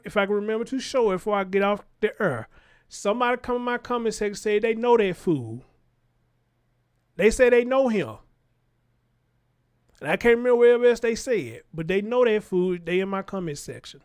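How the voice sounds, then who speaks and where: Animated high-voiced man riffing to chat. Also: brisk, clear, resonant tone. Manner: animated, talks straight to chat. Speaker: livestream show host. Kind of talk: casual livestream commentary.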